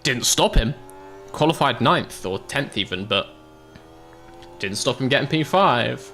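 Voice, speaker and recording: A man's voice: medium pitch, animated, a little slow, pushed and bright, faint music behind. A British man streaming a game, chatting casually with viewers, laughing often. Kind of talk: casual livestream chat.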